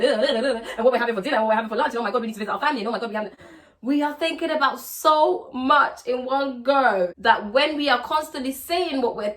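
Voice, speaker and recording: A woman's voice: high-pitched, fairly bright tone. A woman with a Ghanaian accent giving relationship advice in a playful, teasing way in a casual vlog. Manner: playful, teasing, acts out sweet-talking lines.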